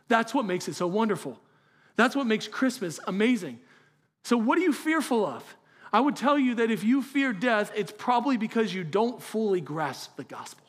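High-voiced earnest male preacher. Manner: earnest, conversational preaching with rhetorical questions. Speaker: pastor. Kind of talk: sermon.

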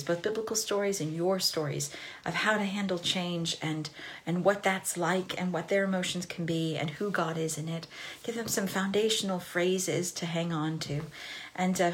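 Lively, chatty woman with frequent laughs. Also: on the low side. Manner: animated and chatty, laughs often and acts out children's phrases. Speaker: parenting and faith presenter. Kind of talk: live-streamed talk to parents.

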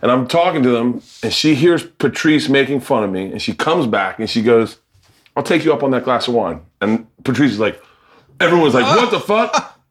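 With a lively, mid-range voice and a slightly fast pace, a middle-aged comedian and cooking show host swaps stories casually with fellow comedians. He does the voices of the people he quotes and laughs and swears a lot.

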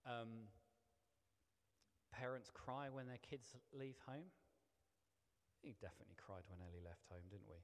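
A man's voice: mid-range voice, a little slow, long pauses. A middle-aged man, a vicar, preaching a sermon in a chatty, self-deprecating way with many restarts. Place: church hall. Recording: long hall reverb.

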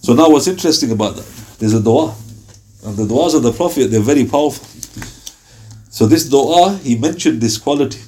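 A man teaching a Ramadan Quran commentary class, telling stories lively and reciting verses in Arabic. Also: medium pitch.

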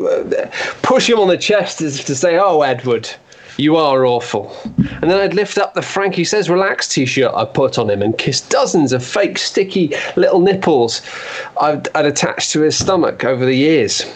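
A man's voice: on the high side, animated, moderate pace. A man giving a crude, rambling comic monologue. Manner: crude, rambling, swings into silly voices.

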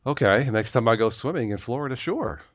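A man's voice: mid-range voice, expressive, brisk, dry recording, highs cut off. A man hosting a podcast in casual chat, joking and rambling with frequent laughs. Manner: jokey, rambling, laughs often. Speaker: podcast host.

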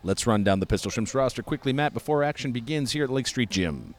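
A man's voice: mid-range voice, expressive, fast, soft background music. A man co-hosting comedic play-by-play for a rec-league basketball game from the side of a gym, with upbeat broadcaster patter. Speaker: co-commentator. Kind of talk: comedic sports commentary. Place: community gym, courtside.

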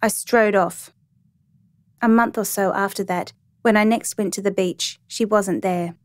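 A woman narrating a first-person story in a calm, even, reflective reading voice. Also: medium pitch, unhurried, dry recording.

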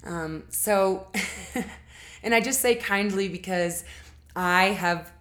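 A woman explains relationship habits in a casual spoken lesson. Her delivery is earnest and conversational. She often pauses on fillers and corrects herself mid-sentence. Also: mid-range voice, a bit bright.

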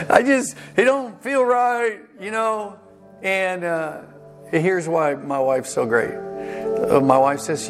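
A male pastor preaching a sermon, telling a self-deprecating story with halting restarts and acted-out dialogue. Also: a little high, expressive, over music. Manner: halting restarts and repeated words.

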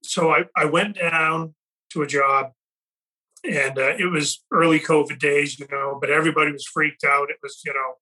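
A man talks in an earnest, reflective way as a podcast host in casual conversation. His voice is slightly high and bright, with a forceful edge. He restarts his sentences often as he thinks aloud. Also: fairly even intonation, moderate pace, low-quality recording. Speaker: podcast host and company leader.

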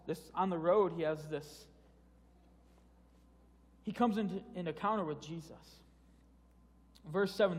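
A man preaching a sermon in a casual, conversational way, often restarting phrases and repeating words. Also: sits high. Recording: long hall reverb.

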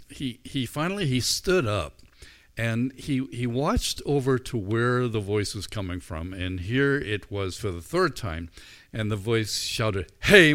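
A man giving a sermon in a relaxed, storytelling manner, easing into his point through anecdotes. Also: fairly low pitch. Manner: relaxed storytelling, unhurried and informal. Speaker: preacher.

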